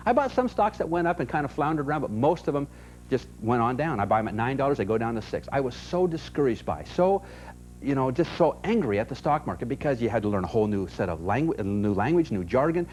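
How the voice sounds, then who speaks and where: A man's voice: mid-range voice, darkish tone, rough recording. A middle-aged man giving a motivational seminar, telling stories with emphasis and repeating key phrases for effect. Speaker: seminar speaker. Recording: faint hiss on old VHS tape.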